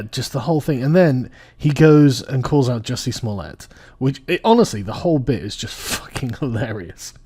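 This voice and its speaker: A man's voice: mid-range voice, a little mellow. A man giving casual political commentary, profane and sarcastic, often laughing. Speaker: commentary vlogger. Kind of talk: casual political commentary reacting to clips and articles.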